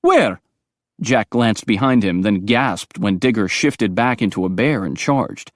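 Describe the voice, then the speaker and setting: A man reading audiobook narration in a brisk, expressive storytelling manner. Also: lowish voice, dry recording.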